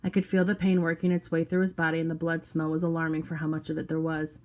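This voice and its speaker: A woman reads a novel aloud in the first person. Her storytelling is steady and low-key, set in a lowish register. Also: fast talker. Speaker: audiobook reader.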